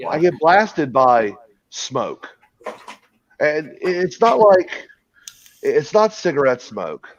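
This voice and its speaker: A man's voice: a little high, sing-song, slow pace, long pauses, dry recording. A man casually telling a long, crude story with frequent laughs and restarts. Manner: rambling, crude, laughing at his own story. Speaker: podcast host telling a story. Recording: dull lo-fi sound, dry.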